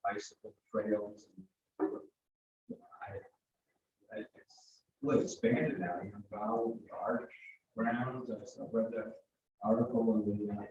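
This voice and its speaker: A man's voice: lowish voice, takes it slowly, long pauses, a little hiss or hum. A man rambling hesitantly at a meeting, trailing off between thoughts. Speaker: meeting member. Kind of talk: casual meeting talk. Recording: distant roomy dull meeting recording.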